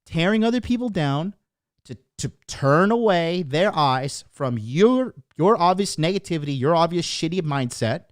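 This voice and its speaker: A man's voice: fairly high pitch, lively intonation, moderate pace, no echo, clean studio sound. A man in his thirties hosting a live stream, talking casually in an emphatic, profane, preachy way. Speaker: host.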